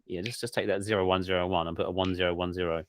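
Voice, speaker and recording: A man's voice: low-pitched, little pitch movement, very fast, no room sound, studio quality. A man co-hosting a podcast, rambling and joking in casual chat, often laughing. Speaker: podcast co-host.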